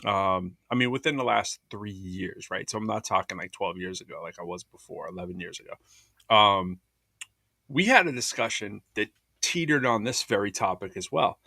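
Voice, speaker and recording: A man's voice: fairly low pitch, normal speed, gravelly, no echo. A man in his thirties, co-hosting a casual podcast chat, telling stories and acting out the people he quotes. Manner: animated storyteller, acts out quoted voices. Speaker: podcast co-host.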